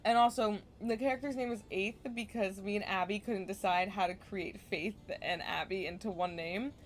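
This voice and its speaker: A woman giving casual, relaxed commentary while playing a farming video game, chatty and self-deprecating, with small muttered asides. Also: mid-range voice, moderate pace, a little hiss or hum. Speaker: gaming streamer.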